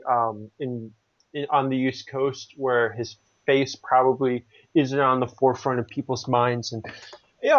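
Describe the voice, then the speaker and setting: A man co-hosting a casual podcast, rambling through anecdotes with frequent restarts. His voice sits at a middle pitch. The recording sounds slightly dull and lo-fi. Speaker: podcast co-host.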